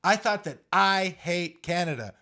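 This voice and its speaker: A man's voice: sits high, animated, measured pace, bright, forceful tone, full character voice. A man doing an impression of a bubbly, chummy male late-night talk show host with a giggly, upbeat delivery.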